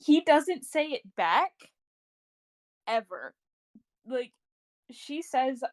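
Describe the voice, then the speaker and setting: A woman's voice: high voice, animated, slow pace, pauses often, a little mellow. A woman co-hosting a book club podcast in casual chat, wry and teasing, often trailing off with fillers.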